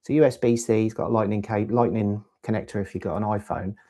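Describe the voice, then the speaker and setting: A man's voice: on the low side, fairly even intonation, fast, mellow. A man hosting a casual live stream, chatting in a rambling way and answering viewers' questions about gear. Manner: rambling, chatty, reads chat aloud. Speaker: LEGO channel host.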